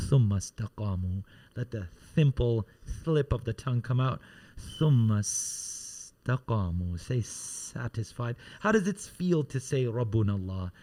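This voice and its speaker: A man who teaches Quran recitation, chanting verses in long melodic lines and then explaining them softly. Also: mid-range voice. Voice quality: melodic, drawn-out chanting alternating with hushed explanation.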